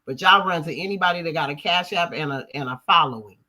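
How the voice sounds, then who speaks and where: A woman from Colorado hosts a livestream in a forceful, tense voice. She drives her points home by repeating them, with a preacher-like push. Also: deep voice, fast. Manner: emphatic, repetitive, preacher-like. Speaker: livestream host. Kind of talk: heated livestream talk.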